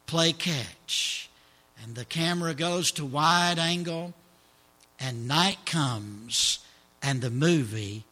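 A man pastor preaching a sermon in a church service, telling a story dramatically and dropping to hushed tones for emphasis. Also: a little high.

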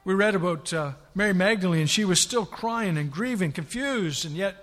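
A man's voice: high-pitched, moderate pace, fairly bright tone. A man preaching a sermon, retelling scripture with dramatic, rising emphasis. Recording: long hall reverb.

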